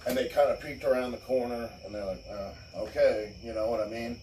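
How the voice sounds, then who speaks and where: A man casually telling a long, profane story, laughing and mimicking people in higher voices. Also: fairly quick, mellow, far from the mic. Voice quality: gravelly, swears constantly. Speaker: podcast host. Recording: echoey room, off-mic, faint noise.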